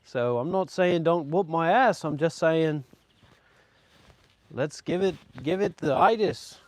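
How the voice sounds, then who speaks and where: Taking it slowly, with a slightly high, darkish voice, a man swears and jokes his way through a travel vlog in a fake Australian accent. The mock-boastful monologue is crude and full of ironic bravado.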